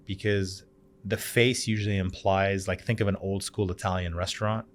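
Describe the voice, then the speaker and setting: A man's voice: sits low, normal speed. A man in his thirties from Canada, a bar owner chatting as a podcast guest, telling stories and acting out the other people's voices. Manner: animated storyteller, acts out quoted voices. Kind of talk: casual chat.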